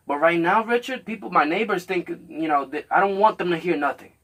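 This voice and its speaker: Husky man with a slightly high voice, telling a story in animated, profane casual chat and acting out both sides of a quarrel. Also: fast, hardly any pauses. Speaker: podcast host.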